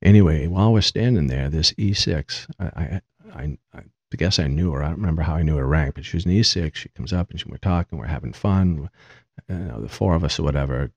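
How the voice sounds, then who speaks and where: Very deep-voiced man spinning a yarn. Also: a little fast, husky, no echo. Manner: amused, rambling, self-mocking. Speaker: podcast host. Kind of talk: casual anecdote storytelling. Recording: dull, dry lo-fi sound.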